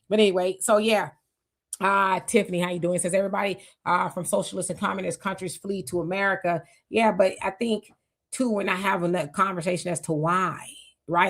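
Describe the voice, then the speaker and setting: A woman's voice: mid-range voice, fairly bright tone. A woman in her fifties hosting a live stream, talking to viewers in a loose, conversational way with fillers and restarts. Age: 50s. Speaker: livestream host. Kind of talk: casual live talk to viewers.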